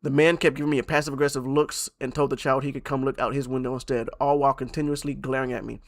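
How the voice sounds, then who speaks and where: A man's voice: medium pitch, flat delivery, fast talker. A male streamer who reads posts aloud on a live stream and reacts bluntly, swearing freely and repeating himself for effect.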